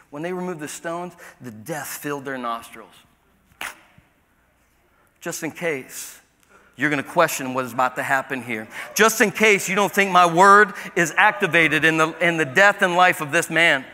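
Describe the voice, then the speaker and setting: A man preaching a sermon as pastor, shifting from quiet asides to loud, shouted preaching. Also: fairly high pitch, big-room sound. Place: church sanctuary.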